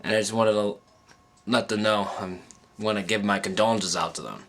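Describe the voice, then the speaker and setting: A man talking casually to camera about football picks, halting with many pauses and restarts, and choked up at times. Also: lowish voice, steady tone, a bit bright. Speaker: sports vlogger. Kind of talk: casual emotional monologue.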